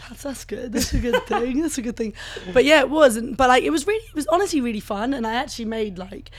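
A young woman talks as a guest in a relaxed interview, with a slightly high voice. She fills her sentences with "like" and laughs easily. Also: fast talker, slight background noise. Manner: chatty, lots of "like" fillers, laughs easily. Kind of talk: casual chat.

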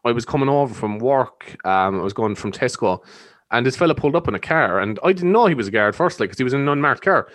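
A young Irish man hosting a podcast, telling stories excitedly and swearing freely in casual chat. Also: medium pitch, quick pace. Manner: excitable storyteller, swearing, laughing. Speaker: podcast host.

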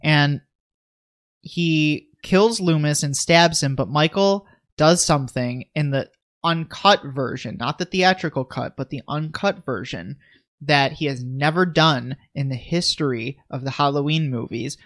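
A man's voice: a little high, unhurried, fairly bright tone. A man co-hosting a podcast, recapping a horror film in casual, joking chat full of fillers. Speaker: podcast co-host.

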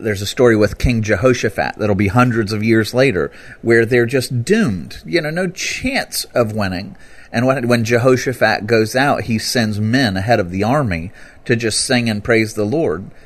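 A man explaining scripture in a relaxed, conversational way, bursting into loud, lively emphasis when he quotes it. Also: mid-range voice. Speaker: Bible teacher. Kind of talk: conversational teaching talk.

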